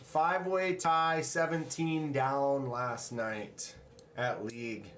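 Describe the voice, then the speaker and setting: A man with a mid-range, fairly bright voice hosts a casual livestream, taking it slowly with fairly even intonation while he reads comments aloud and greets the chat. There's a little hiss or hum over a roomy, echoey room sound.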